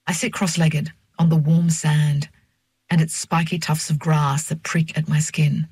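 An older woman narrating a first-person audiobook in a measured, reflective way. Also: low voice, level tone, darkish tone, slightly rough, no echo.

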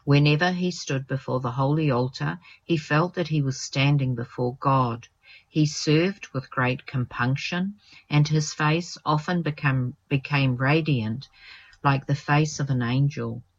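A narrator reading the life of a saint aloud in a measured, reverent way, with a few small slips. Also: mid-range voice, highs cut off.

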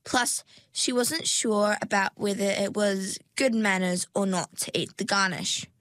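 A woman narrates a storybook at a slow, measured pace. Her pitch sits in a middle range and the sound is dry and close, with no room behind it. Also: fairly bright tone, no echo.

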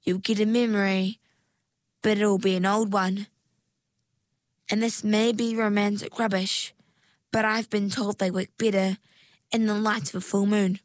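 A woman voicing a hurried, spiky female sea-creature waiter in a storybook, brisk and conspiratorial. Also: mid-range voice, flat delivery, dry recording, close to an everyday voice. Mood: whispering.

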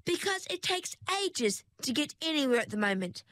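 A woman's voice: high voice, very animated, moderate pace, a bit bright, no echo, pitched above the performer's own voice. A woman voicing a cheerful, slightly superior young mermaid in a storybook reading, raised and chirpy. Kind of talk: storybook narration.

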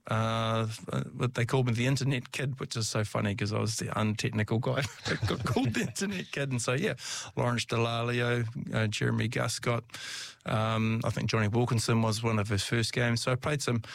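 Gravelly middle-aged guy yarning about old times, laughs a lot, dry close sound. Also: mid-range voice, brisk, hardly any pauses, dry recording. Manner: chatty, laughs often, many restarts. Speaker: interview guest, former rugby player. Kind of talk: casual storytelling.

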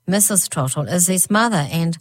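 Storybook role: woman reading a small hag girl, grim, huffy and earnest, low and dry. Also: normal speed, dry recording, natural voice.

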